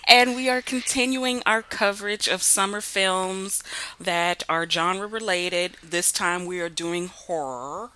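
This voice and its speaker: A woman's voice: medium pitch, steady tone, a little slow, pushed and bright, clean tone. A woman with a Southern US accent hosting a podcast, chatting casually about films and laughing often. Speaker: podcast host. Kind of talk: casual film review chat.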